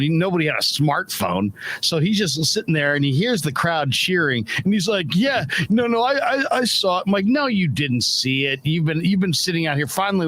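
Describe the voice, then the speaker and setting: A man from Northern California hosting a casual post-game show. He tells stories with animation and reads chat aloud, his voice sitting slightly high. Faint background noise sits under the recording. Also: a bit bright. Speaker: show host.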